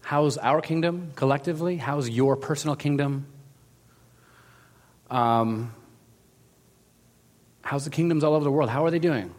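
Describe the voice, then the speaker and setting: A man preaching a sermon in a casual, animated storytelling manner, acting out quotes as he goes. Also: a little high, normal speed, long pauses, in a large hall. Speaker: pastor.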